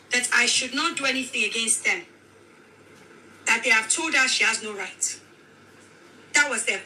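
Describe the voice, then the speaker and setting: A Nigerian woman telling her own account as a widow in a very bright, somewhat high voice. She is animated and acts out the dialogue as she tells it. Faint noise sits under the recording. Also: low-quality recording. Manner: animated, quoting others in dialogue. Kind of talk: emotional personal account.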